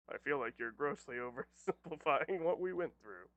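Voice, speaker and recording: A man's voice: medium pitch, slow, a bit bright, muffled recording. Easygoing man at a game table. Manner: easygoing, jokey, laughs often. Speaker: player. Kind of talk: casual chat while playing a tabletop game.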